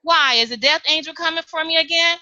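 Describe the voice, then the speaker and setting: A woman voicing a small, sheltered little girl who pleads and complains in a high voice. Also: fairly quick, bright, forceful tone, highs cut off, full character voice. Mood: pleading.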